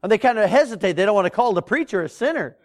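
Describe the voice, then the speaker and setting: A middle-aged man preaching as a Baptist pastor, his voice swelling and dropping with drawn-out emphasis. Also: high voice, animated. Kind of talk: sermon.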